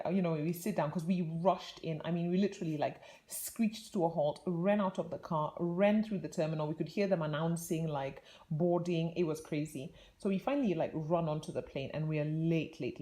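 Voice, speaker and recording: A woman's voice: low voice, mellow. A young woman vlogger telling a rambling, chatty story in a casual way, laughing often between her words.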